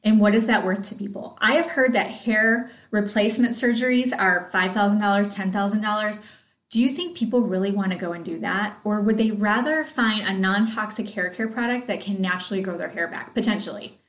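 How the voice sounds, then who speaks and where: A woman in her thirties talks sales on her podcast, excited and chatty. She speaks to her listeners directly. Her voice sits in the middle, and the room gives it a noticeable echo. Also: mid-range voice, fairly quick. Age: 30s. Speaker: podcast host and sales coach. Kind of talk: casual motivational talk.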